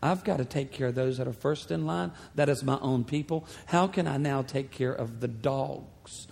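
A preacher playing a calm, measured teacher, in hall echo. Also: male voice, medium pitch, vocal fry, close to an everyday voice. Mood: testing. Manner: measured, slow. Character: Jesus testing a woman, calm male teacher. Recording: long hall reverb.

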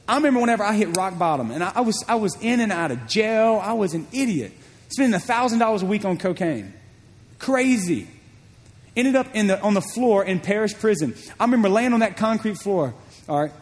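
A man preaching a sermon, telling a story in an animated way and often repeating his words. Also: high-pitched. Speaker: pastor. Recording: long hall reverb.

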